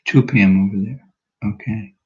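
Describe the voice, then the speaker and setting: Low slow guy on a muffled video call, pausing a lot while he figures stuff out. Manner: slow, hesitant, thinking aloud. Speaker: class leader. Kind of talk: casual closing remarks on a video call.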